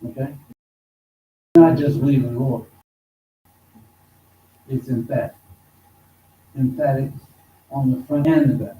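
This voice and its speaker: A man teaching an informal religious study class at a mosque, talking slowly and conversationally and repeating words for emphasis. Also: mid-range voice, fairly even intonation, narrow, tinny audio. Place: mosque hall. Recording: echoey hall, distant mic, faint noise.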